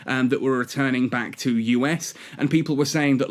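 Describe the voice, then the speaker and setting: A man's voice: mid-range voice, a little fast. A man hosting a gaming channel, delivering exasperated, sarcastic video game commentary as a rant.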